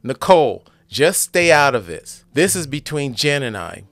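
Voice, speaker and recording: A man voicing an angry, bossy young woman who shouts harsh, demanding lines in a storybook reading. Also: medium pitch, animated, moderate pace, dry recording, faint music behind. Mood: furious.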